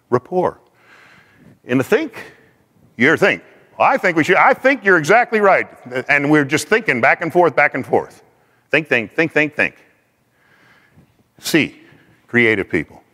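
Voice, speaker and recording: A man giving a faith-based teaching talk in a lively, conversational way, acting out quoted speech. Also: a little high, in a large hall.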